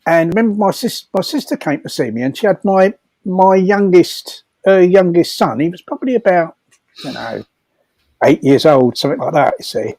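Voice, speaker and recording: An older man spins a comic anecdote in a loose, rambling way, doubling back on his words and chuckling. His voice sits high and swings widely in pitch. The sound is dry and close. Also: lively intonation, normal speed, darkish tone, no echo, rough recording. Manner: rambling, repeats words, laughs through his stories. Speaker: storyteller at a comedy fundraiser. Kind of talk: casual anecdote telling.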